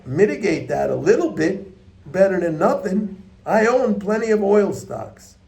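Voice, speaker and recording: Gravelly, blunt man commentator. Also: a little high, mellow. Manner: blunt, emphatic, repeats points for stress. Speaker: economics commentator. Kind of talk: unscripted market commentary to viewers.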